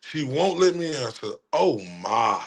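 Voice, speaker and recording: Man, livestream host, from Texas, mocking, addresses chat, loud bursts and low asides. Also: lively intonation, unhurried, gravelly, rough recording. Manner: mocking, talks straight to his chat. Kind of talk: livestream commentary on a replayed call.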